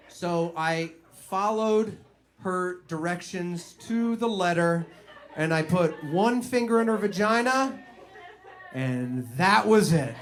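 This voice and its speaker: Animated high-voiced male stand-up comic. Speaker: stand-up comedian. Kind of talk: stand-up storytelling.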